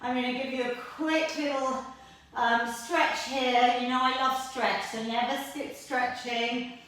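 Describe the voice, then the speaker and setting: A woman's voice: sits high, fairly even intonation, unhurried, fairly bright tone. A woman fitness instructor coaching a workout from the mat, encouraging and out of breath as she exercises along. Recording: echoey room, voice from far off mic.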